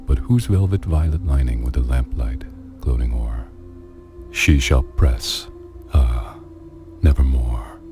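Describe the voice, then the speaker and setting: A man's voice: a bass voice, takes it slowly, long pauses. A man giving a theatrical, brooding dramatic reading of a poem. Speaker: narrator. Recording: clip with faint music behind. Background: faint music.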